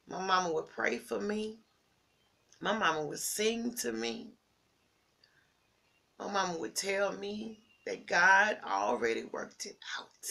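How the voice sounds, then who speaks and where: A grieving woman speaks slowly in a gravelly, bright-edged voice. She talks from the heart, repeating phrases, and swings from loud emphasis down to breathy whispers, close to tears. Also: mid-range voice. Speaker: vlogger sharing a personal tribute. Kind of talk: emotional personal monologue.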